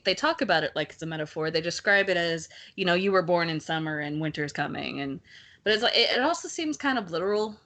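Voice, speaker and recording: Animated, exasperated woman with a lower voice. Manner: animated, exasperated, laughs often. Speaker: podcast co-host. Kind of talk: casual book discussion.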